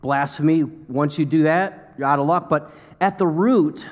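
A man's voice: a little high, unhurried, long reverb tail, lo-fi sound. An American man preaching a sermon to a congregation, talking conversationally with fillers and acting out quotes. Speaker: pastor.

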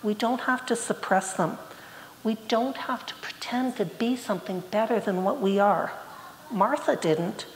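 A woman's voice: medium pitch, a little slow, a little hiss or hum. A woman preaching a sermon, speaking earnestly and quoting scripture with rising emphasis. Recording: echoey hall, faint ambience.

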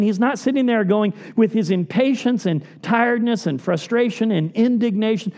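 A middle-aged man preaching a sermon as a pastor, earnest and pleading, often dropping to soft low tones for emphasis. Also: lively intonation, normal speed, hardly any pauses.

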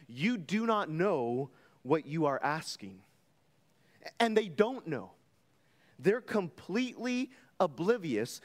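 A man preaching a sermon as pastor, explaining a scripture passage with emphatic, deliberate delivery. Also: high voice, in a large hall.

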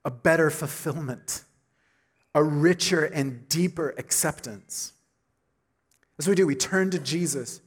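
With a breathy edge and a voice slightly higher than typical for a man, this middle-aged pastor preaches a little slowly, leaving long pauses. His delivery is emphatic, driving points home by repeating key lines and rising to loud, ringing peaks.

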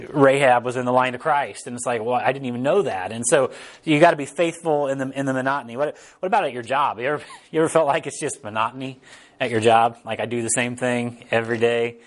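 A man's voice: medium pitch, a bit bright. A man giving a casual, conversational sermon to a gathered group. He rambles informally and keeps checking in with his listeners. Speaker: preacher.

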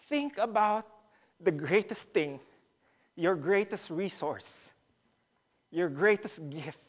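A man preaching a sermon, animated, and often putting direct questions to the congregation. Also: high voice.

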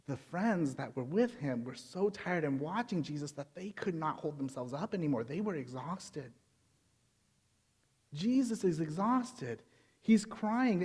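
A man reading a Bible passage in a quiet voice, then preaching a sermon and building to emphatic, intense moments. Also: sits high, slightly rough. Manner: reads scripture softly, then preaches with rising intensity. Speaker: pastor.

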